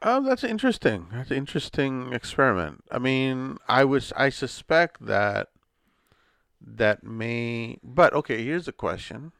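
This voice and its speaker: A man's voice: medium pitch, very animated, unhurried, creaky, fairly bright tone, smooth, no echo, studio quality. A man, the host's son, chatting earnestly on a podcast and insisting on proper, polite language. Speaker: podcast co-host. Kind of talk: casual chat.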